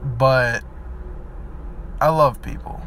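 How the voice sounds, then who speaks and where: A man's voice: medium pitch, steady tone, drawn-out words, fairly bright tone, slight background noise. A man speaking in an earnest motivational vlog monologue, heartfelt and rambling with fillers, then blunt and emphatic. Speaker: vlogger.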